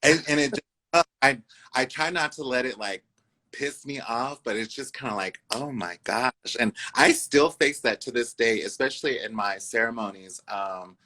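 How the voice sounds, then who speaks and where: Two-Spirit speaker, bright forceful voice, middle pitch, casual interview storytelling, acts out quotes, lots of fillers. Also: normal speed, low-quality recording. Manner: uses many fillers and "I was like". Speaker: guest, incoming co-host.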